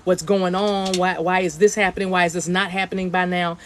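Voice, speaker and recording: A woman's voice: on the low side, level tone, fairly quick, a little hiss or hum. A woman hosting a livestreamed spiritual reading from her outdoor deck. She chats casually, repeats her phrases and drops into chanted light language. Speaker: spiritual reader.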